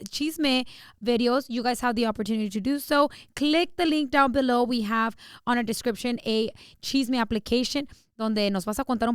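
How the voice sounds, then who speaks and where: A young woman hosting a podcast, chatting excitedly and mixing English with Spanish. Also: fairly high pitch, clear, resonant tone, dry recording, studio quality. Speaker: podcast host. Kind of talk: casual chat.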